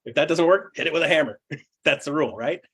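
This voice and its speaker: A fairly high-pitched man with a husky, slightly rough voice presents a live seminar to real estate agents. He talks bluntly and energetically, drops casual swearing, laughs a lot and keeps asking the room "right?". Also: fast talker, fairly bright tone. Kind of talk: live seminar talk to an audience.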